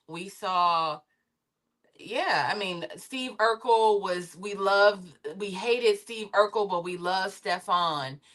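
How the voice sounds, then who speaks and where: A woman on a discussion panel who used to produce reality television. She talks in a loose, rambling, conversational way, with her voice at a middle pitch. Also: slow, fairly bright tone. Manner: rambling and conversational, with many fillers and restarts.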